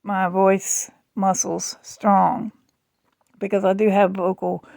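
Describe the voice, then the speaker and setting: A woman vlogging at home in rambling, chatty talk with a gravelly fry. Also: medium pitch, little pitch movement, darkish tone, dry recording. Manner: rambling, chatty, slow and drawling. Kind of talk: casual chat.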